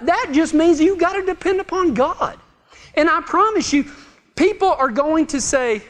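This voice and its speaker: High-voiced preacher in a hall. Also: male voice, expressive, moderate pace. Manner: folksy, joking, swings from loud to hushed. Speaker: pastor. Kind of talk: sermon. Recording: long hall reverb.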